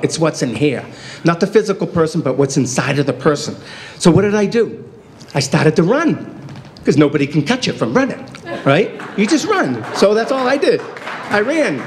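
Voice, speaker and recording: A man's voice: a little high, a little mellow. A man in his fifties giving a humorous acceptance speech, self-deprecating and acting out quoted dialogue. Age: 50s. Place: hotel banquet hall.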